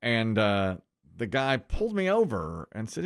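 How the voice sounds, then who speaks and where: Animated middle-aged male radio host. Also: moderate pace, gravelly. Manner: animated storyteller, acts out quotes with big pitch jumps. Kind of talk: casual radio banter.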